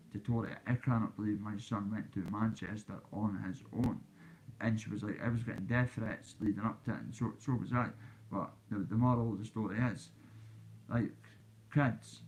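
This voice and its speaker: A man's voice: lowish voice, a little mellow, slight background noise, low-quality recording. A Scottish man with a Glasgow accent, a YouTuber telling a boastful story straight into his phone and talking to the kids watching. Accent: Scottish, Glaswegian. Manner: boastful, swaggering, addresses kids directly. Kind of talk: casual vlog storytelling.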